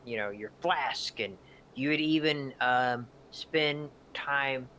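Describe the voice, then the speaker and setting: A man's voice: medium pitch, slow pace, sharp tone, a little hiss or hum. A man co-hosting a streamed gaming talk, blunt and teasing, swearing casually. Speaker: co-host.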